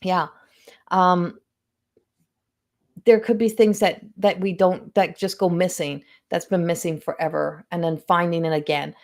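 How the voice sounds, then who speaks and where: A woman's voice: fairly low pitch, a little slow. Chatty woman hosting a psychic livestream. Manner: chatty and animated, acts out quoted voices. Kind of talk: casual livestream talk.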